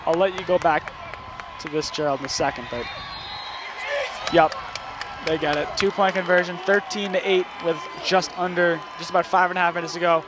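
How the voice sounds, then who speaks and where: A young man calling high school football play-by-play, rising with excitement on big plays. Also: normal speed. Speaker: play-by-play commentator. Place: outdoor football stadium. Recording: crowd and noise outdoors at a stadium.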